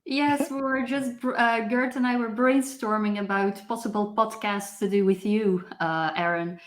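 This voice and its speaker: A woman's voice: medium pitch, fairly even intonation, moderate pace. A woman speaking as a guest on a podcast, chatting and telling a short story. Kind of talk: casual chat. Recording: roomy echo.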